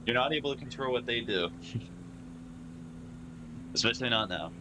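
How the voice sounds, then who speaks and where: A man's voice: medium pitch, normal speed. A man streaming a driving game, chatting casually and answering his viewers' chat messages as he plays. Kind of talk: casual live-stream chat while playing. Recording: steady noise and hum behind the voice.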